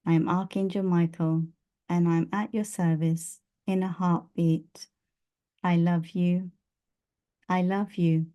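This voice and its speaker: A woman channeling a loving, protective male archangel, speaking in slow, repetitive blessings. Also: fairly low pitch, flat delivery, dark tone, smooth, highs cut off. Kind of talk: spiritual channeling.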